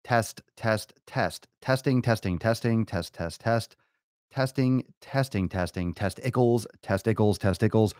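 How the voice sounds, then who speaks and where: A man's voice: lowish voice, a little slow, a little mellow, dry recording, clean studio sound. A man hosting a podcast alone, brash, crude and theatrical, swearing constantly and stretching words out for emphasis. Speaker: podcast host. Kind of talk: profane comedic podcast monologue.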